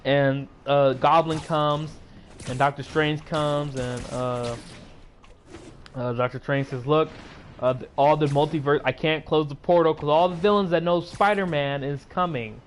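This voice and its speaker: Sleepy rambling man, slightly high voice. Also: fairly even intonation, measured pace, a little hiss or hum. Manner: rambling, filler-heavy retelling. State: sleepy and yawning; sore throat. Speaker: YouTuber. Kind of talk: casual movie recap.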